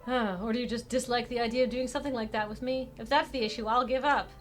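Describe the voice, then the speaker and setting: A woman's voice: fairly high pitch, steady tone, fast, soft background music, close to an everyday voice. A woman voicing a flirty, teasing man who courts the heroine, read aloud from a visual novel. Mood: coaxing. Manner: smooth, teasing, dramatic sulking.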